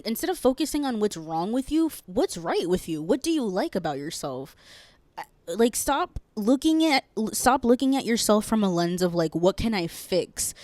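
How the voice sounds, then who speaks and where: A woman's voice: medium pitch, a little mellow, dry recording. A young woman hosting a solo podcast, rambling, earnest and impassioned, swearing casually, and choked up at times. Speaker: podcast host.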